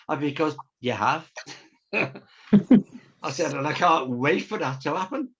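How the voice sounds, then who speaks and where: A man's voice: on the high side, unhurried, slightly rough. Man telling a rambling anecdote. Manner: chatty anecdotal, acting out quoted voices. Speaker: storyteller and illustrator. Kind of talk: casual storytelling on a video call. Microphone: video call. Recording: dull lo-fi video call audio.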